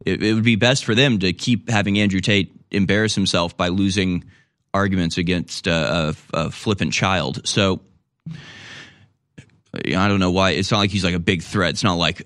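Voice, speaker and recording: A talk radio host, a man with a lowish voice, riffs sarcastically and trips over his own restarts as he goes. The studio sound is dry and close. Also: steady tone, normal speed, fairly bright tone, dry recording. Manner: rambling, sarcastic, frequent restarts.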